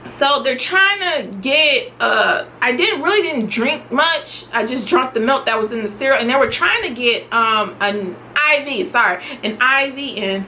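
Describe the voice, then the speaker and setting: A young woman at home telling her own story in a casual vlog, animated and quick to laugh, acting out what she shouted. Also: sits high, slight background noise.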